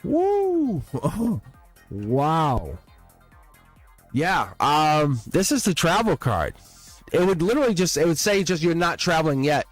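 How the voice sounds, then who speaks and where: A man giving a live-stream tarot reading, excitable and blunt, swearing and laughing as he talks to viewers. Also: on the high side, normal speed, dry recording, soft background music. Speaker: tarot reader.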